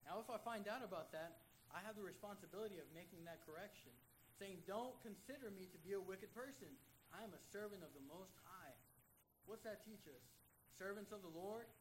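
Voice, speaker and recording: A young man with a high, light voice preaches a sermon with earnest conviction. He keeps asking his listeners rhetorical questions and acts out the people he quotes. A faint noise sits under the recording. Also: rough recording.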